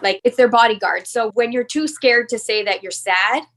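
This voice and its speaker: Podcast guest, woman in her thirties, candid and confessional, fairly high voice, lots of "like" fillers. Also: normal speed, a bit bright. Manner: earnest, confessional, many "like" fillers. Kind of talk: candid personal interview.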